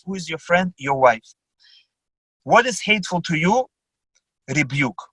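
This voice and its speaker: A man, a rabbi, giving a religious lecture over a video call, teaching deliberately and emphatically with rhetorical questions. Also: high voice, a bit bright, no room sound, poor audio.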